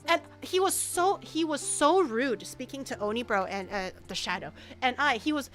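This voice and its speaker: A woman's voice: high-pitched, expressive, normal speed, hardly any pauses, a bit bright, faint music behind. A woman streamer telling a story in casual chat, rambling and stammering, with some swearing.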